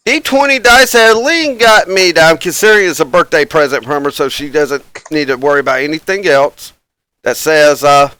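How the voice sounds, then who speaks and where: A man hosts a live tabletop game stream in a casual, rambling way, laughing now and then and leaning on fillers. His voice is bright and smooth, a little high for a man, and sits dry and close with no room around it. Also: no echo. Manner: rambling, chuckles often, many fillers. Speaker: game master and stream host.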